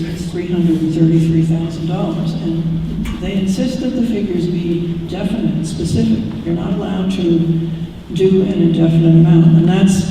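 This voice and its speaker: Dark-voiced man explaining rules in a hall. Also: high-pitched, slight background noise. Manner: patient, explaining step by step. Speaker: legal or procedural advisor at a town meeting. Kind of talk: explanatory meeting remarks. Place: large echoey town hall. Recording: echoey hall from far off.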